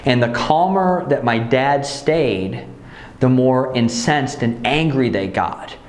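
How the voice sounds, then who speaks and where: A man telling a painful personal story in an earnest, emotional way, often stopping and restarting his sentences. His voice sits at an ordinary middle pitch and echoes in a roomy space. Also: takes it slowly. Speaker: channel host telling his own story. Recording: echoey room.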